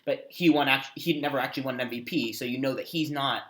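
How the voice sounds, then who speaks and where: A man co-hosting a casual sports podcast, his bright, forceful voice bouncing around a roomy space. He thinks out loud and often trails off into quiet mumbles. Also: mid-range voice, quick pace. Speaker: podcast co-host. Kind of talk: casual sports debate chat.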